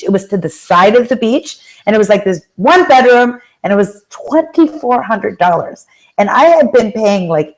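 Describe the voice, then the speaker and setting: Woman, motivational speaker, storytelling, acts out voices, asks the audience questions, medium pitch. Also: low-quality recording. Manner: addresses the audience directly with questions. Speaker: motivational speaker and life coach. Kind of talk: motivational talk.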